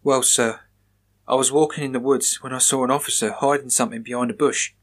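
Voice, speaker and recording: A man's voice: mid-range voice, fairly even intonation, fairly quick, natural voice. A man voicing a frightened young man who speaks shakily and stammers. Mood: shaken. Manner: shaky, stammering.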